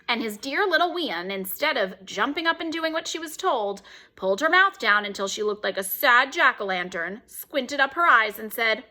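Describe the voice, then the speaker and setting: A woman reading a children's chapter book aloud, expressive and animated. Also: on the high side, normal speed. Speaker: storyteller.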